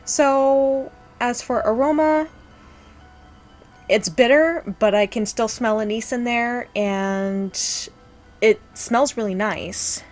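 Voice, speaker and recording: A woman reviewing absinthe in a vlog, describing its look and aroma in a measured, descriptive way. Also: fairly high pitch, a little mellow, soft background music. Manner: measured, descriptive tasting commentary.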